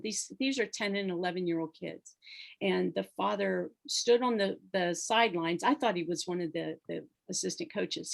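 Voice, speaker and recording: Woman facilitator on a video call, chatty and rambling, with some vocal fry. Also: mid-range voice. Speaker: course facilitator. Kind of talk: casual video call discussion.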